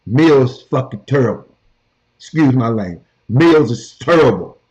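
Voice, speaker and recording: A man's voice: medium pitch, animated, unhurried, a little mellow. A man hosting a sports talk show from a hotel room, talking casually and emphatically, repeating his points and calling out to his cohost and viewers. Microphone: portable camera. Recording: dull lo-fi sound.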